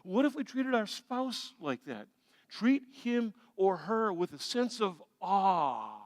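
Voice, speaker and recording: A man preaching a sermon as pastor, animated and acting out little everyday scenes for the congregation. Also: sits high, slow pace, dry recording. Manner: animated, acts out little scenes with shifting energy. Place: large church sanctuary.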